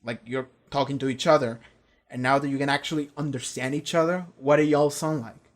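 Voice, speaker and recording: A man's voice: medium pitch, fairly even intonation, a little fast. A young man giving a casual, rambling spoken review, swearing freely and acting out quotes. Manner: rambling and profane, acts out quotes. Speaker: reaction video host.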